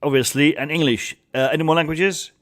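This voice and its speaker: A man hosting a relaxed group chat on a live stream, his voice sitting a little high for a man. He talks in loose, repeating bursts and laughs easily as he keeps things moving. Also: fairly quick. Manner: chatty, repeats himself, laughs often. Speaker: stream host.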